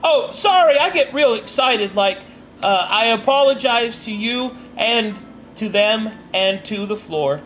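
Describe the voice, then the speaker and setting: A game master voicing an excitable tiny gnome man who gushes in quick, squeaky bursts. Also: faint music behind. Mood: apologetic. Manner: squeaky, gushing, rapid bursts. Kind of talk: voicing a character in a tabletop game.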